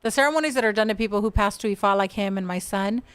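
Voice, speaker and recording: A woman's voice: medium pitch, very fast, clean tone. A woman guest on a podcast, talking frankly and animatedly about spiritual practice, laughing easily. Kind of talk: casual podcast chat.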